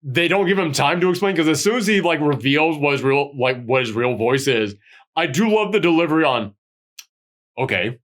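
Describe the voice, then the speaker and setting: A man chatting casually about a horror film, rambling and animated, now and then acting out lines in a gruff voice. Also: a little high, fairly quick. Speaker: podcast host. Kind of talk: casual movie review chat.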